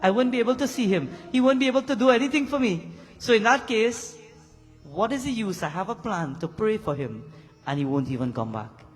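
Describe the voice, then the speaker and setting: A man's voice: high voice, lively intonation, brisk. A man doing a pleading worried queen. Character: anxious devoted queen, pleading. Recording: reverberant hall with keyboard music.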